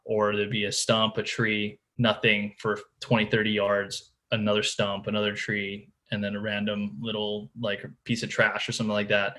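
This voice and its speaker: A man's voice: on the low side, monotone, normal speed, few pauses, bright, forceful tone. A man guesting on a podcast, telling a tournament fishing story in a casual way, full of "like" and "dude" and often restarting his sentences. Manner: restarts and repeats words while telling the story.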